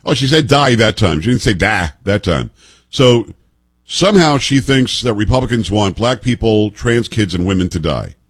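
A man's voice: lowish voice, animated, normal speed, slightly rough, no echo. A man in his fifties hosting political commentary, emphatic and sarcastic, firing off pointed rhetorical questions. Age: 50s.

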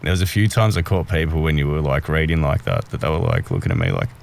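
Deep voiced guy cohosting, goes along with his partner, voice swings up and down a lot. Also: sing-song, fast talker, creaky, slight background noise. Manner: agreeable, backs up his co-host. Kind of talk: casual chat.

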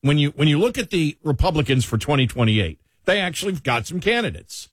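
A man's voice: on the high side, very animated, fairly quick, husky, no room sound, studio quality. A man with a Buffalo accent hosting a radio talk show in a rambling, conversational way. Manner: rambling, conversational, lots of "you know". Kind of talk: casual talk radio chat.

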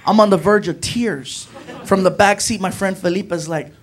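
A man performing stand-up, telling a story in an animated way, acting out voices and laughing along. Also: sits high, moderate pace. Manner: animated, acts out voices, laughs at own jokes. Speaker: stand-up comedian.

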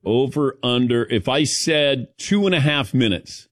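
A man's voice: mid-range voice, unhurried, dry recording, studio quality. A man hosting a casual radio talk show, calling on his co-hosts and acting out quoted voices. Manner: animated, acts out quoted voices. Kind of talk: casual studio chat.

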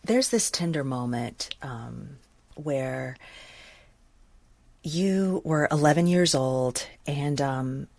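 A woman interviewing a guest, asking calm questions and introducing clips. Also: extremely low pitch, slow pace, vocal fry, no echo.

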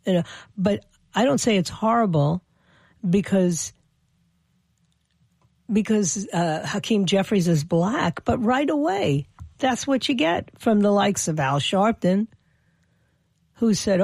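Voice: medium pitch, animated, slow, gravelly, pauses often, a little mellow, no echo. A political commentator delivering an opinion monologue, often stammering and restarting phrases, with indignant emphasis.

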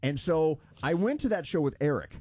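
A man's voice: on the high side, moderate pace, husky, no echo. A man co-hosting a radio show, telling a story in casual on-air banter and acting out the quotes. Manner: animated storyteller, acts out quotes.

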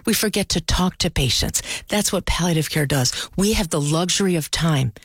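A woman's voice: fairly low pitch, normal speed, husky, no echo. Earnest woman clinician, dry close sound. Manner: earnest storyteller, animated, acts out quoted voices. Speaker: palliative care clinician. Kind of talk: interview guest.

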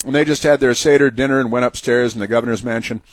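A man's voice: medium pitch, steady tone, fast talker, no room sound. A man hosting a talk radio show, delivering sarcastic, mocking commentary that rambles with many fillers and restarts.

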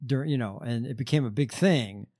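A man hosting a podcast in casual chat, telling stories haltingly with many fillers and a sardonic edge. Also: medium pitch, darkish tone. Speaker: podcast host.

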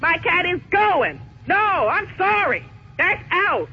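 A woman's voice: very high voice, sing-song, slow pace, gravelly. Outraged woman caller, repeats her demand relentlessly, heard over a dull phone line. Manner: indignant, stubborn, keeps repeating herself. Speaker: prank call target. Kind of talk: phone call.

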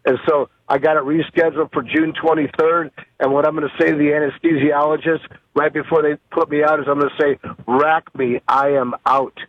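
A man's voice: fairly high pitch, little pitch movement, fairly quick, a little hiss or hum. A man calling a radio show and telling a chatty story. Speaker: caller. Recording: dry, dull phone line.

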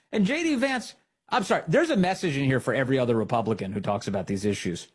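A man's voice: medium pitch, very animated, fast, slightly rough. A man hosting a political talk show, delivering indignant commentary full of sarcastic rhetorical questions.

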